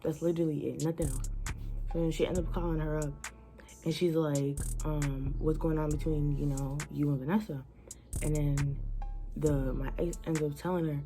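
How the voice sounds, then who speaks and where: A young woman vlogger telling a personal story in a casual, animated way, full of slang and fillers. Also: low-pitched, moderate pace. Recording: music playing behind her.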